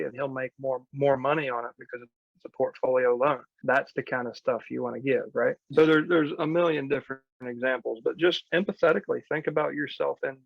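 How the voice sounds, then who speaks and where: A man's voice: medium pitch, creaky, dry recording, phone-quality sound. A man coaching real estate investors in a live online training, talking practically with quoted asides.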